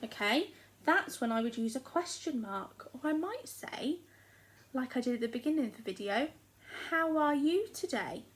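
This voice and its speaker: High-voiced English teacher addressing small children. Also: female voice, animated, poor audio. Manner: slow, clear, encouraging, speaks to small children. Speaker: primary school teacher. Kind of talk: recorded remote lesson for young children.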